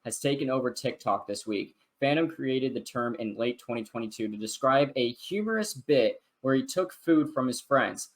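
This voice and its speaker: Man, casual podcast co-host, reads aloud, dry reactions, medium pitch. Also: expressive, normal speed, hardly any pauses, rough recording. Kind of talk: casual chat.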